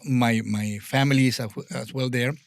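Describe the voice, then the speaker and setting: Man, argentine spanish accent, halting english, searches for words, medium pitch, dry sound. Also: steady tone, no echo. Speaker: guest. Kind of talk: casual interview chat.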